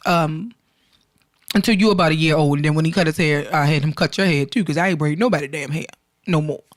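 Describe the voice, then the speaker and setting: A woman's voice: deep voice, fast talker. A middle-aged woman, co-hosting a podcast and telling family stories in casual chat, acting out dialogue and laughing often. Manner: animated storyteller, acts out dialogue, laughs often. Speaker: podcast co-host.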